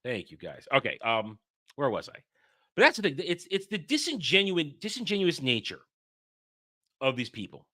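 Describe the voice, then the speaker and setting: A man's voice: a little high, huge pitch swings, normal speed, bright, forceful tone. Heated man ranting on a livestream. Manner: heated, repetitive, stumbling restarts. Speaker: host.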